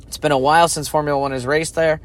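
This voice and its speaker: A man's voice: a little high, flat delivery, fast talker, no echo. A man hosting a podcast, giving casual solo commentary in a chatty, opinionated way and thinking aloud with fillers. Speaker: podcast host.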